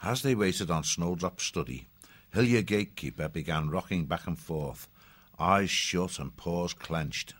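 Audiobook narrator: man with a very low voice, dry close recording, measured delivery. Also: lively intonation, a bit bright, no room sound. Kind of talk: scripted storybook narration.

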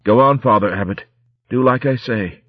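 A man voicing a badly wounded female ferret corsair who talks rough sailor slang, in a storybook reading. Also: medium pitch, moderate pace, dry recording, dull audio, pitched above the performer's own voice, lightly acted. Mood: weak. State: weak and wounded.

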